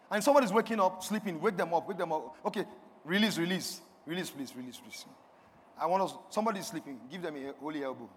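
A man preaching a sermon from a church stage, calling on the congregation to respond, swinging between shouts and quiet. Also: high-pitched, breathy edge. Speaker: pastor. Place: church hall. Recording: long hall reverb.

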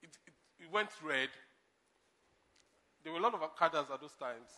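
A man preaching with a bright, high voice. He swings from loud, forceful emphasis to soft asides and laughs at his own stories. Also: animated, normal speed. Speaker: pastor. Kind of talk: sermon.

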